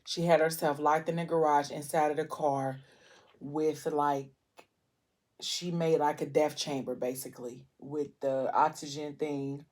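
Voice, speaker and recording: Low-voiced woman chatting about a book. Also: a little mellow. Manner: chatty, emotional retelling with many fillers. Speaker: book vlogger. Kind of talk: casual book recap while eating.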